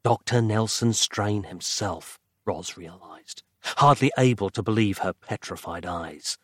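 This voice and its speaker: A man reading a horror story aloud in a dramatic, measured storytelling manner. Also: lowish voice, slightly rough, no echo, clean studio sound. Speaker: narrator. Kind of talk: scripted horror narration.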